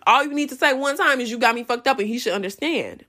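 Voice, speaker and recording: A young woman tells a personal story on her podcast in a loose, casual flow. Her voice sits a little high, and her delivery is animated and profane. Now and then she jumps into loud re-enacted quotes. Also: fast talker. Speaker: podcast host.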